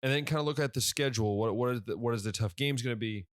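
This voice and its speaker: A man's voice: medium pitch, fast talker, dry recording, studio quality. A sleepy young man hosting a casual sports podcast on his own, yawning and rambling through his thoughts with lots of fillers and restarts. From Ohio. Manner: rambling, self-correcting, many fillers. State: tired, yawning. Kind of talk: casual solo podcast talk.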